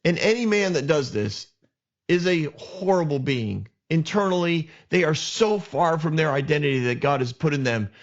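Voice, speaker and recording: A man's voice: a little high, expressive, normal speed, lo-fi sound. A man hosting a podcast, retelling a Bible story with passionate, indignant commentary and frequent restarts. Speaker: podcast host.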